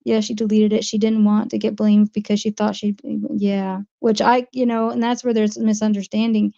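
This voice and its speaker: Chatty New Jersey woman, gravelly voice. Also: mid-range voice, little pitch movement, moderate pace, mellow, lo-fi sound. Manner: chatty, rambling, reads and answers viewer comments. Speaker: livestream host. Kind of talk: casual livestream chat.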